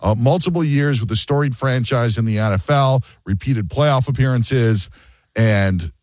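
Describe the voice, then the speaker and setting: A man's voice: mid-range voice, measured pace, darkish tone, dry recording. A man hosting a sports radio show, chatting casually and joking, often mimicking other people mid-story.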